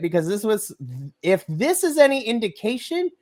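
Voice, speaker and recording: A woman co-hosting a wrestling podcast, reviewing matches in gushing, animated casual chat that breaks into shouts of excitement. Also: a little high, normal speed, no room sound.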